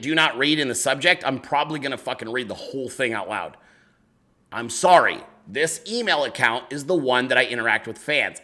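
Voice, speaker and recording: A man's voice: mid-range voice, sharp tone. A man hosting a casual chat show, reading viewer emails aloud and answering them in a loose, profane, laughing way.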